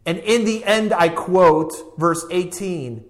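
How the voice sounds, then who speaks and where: A man's voice: sits high, takes it slowly. A man preaching a sermon with an emphatic, repetitive cadence, reading scripture aloud. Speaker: pastor.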